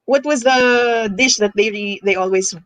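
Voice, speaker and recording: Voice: mid-range voice, unhurried, a bit bright, no echo. A talk show host with a Filipino accent, asking questions and prompting the guest with short replies. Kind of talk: casual interview conversation.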